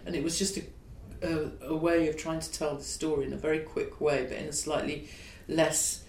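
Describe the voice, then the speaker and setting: A man's voice: level tone, normal speed, creaky, a little mellow. Reflective man in an echoey room. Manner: reflective, discursive explaining. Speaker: playwright being interviewed. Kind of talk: conversational interview. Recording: echoey room with faint rumble.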